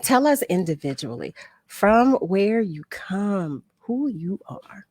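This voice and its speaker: Woman radio host, mid pitch, bubbly and rambling, laughs a lot, dry close mic. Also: slow, no echo. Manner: excitable, laughs often, rambling restarts. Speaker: radio talk show host. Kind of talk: casual talk radio chat.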